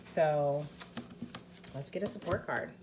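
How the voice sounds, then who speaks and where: Against background noise, a woman with a low voice speaks slowly while giving a casual pick-a-card tarot reading. She's chatty and rambling, full of fillers, restarts, and casual swearing.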